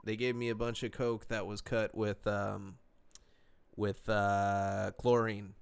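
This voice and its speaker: A man's voice: lowish voice, flat delivery, slow pace, gravelly, clear, resonant tone. A young man casually telling a story on a podcast, laid-back and profane, full of slang and fillers.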